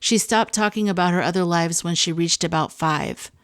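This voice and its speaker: Woman podcast host, lowish voice, dry close sound, chatty with fillers. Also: moderate pace, clean tone, no room sound. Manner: conversational, lots of fillers and asides. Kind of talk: casual monologue, reading listener stories.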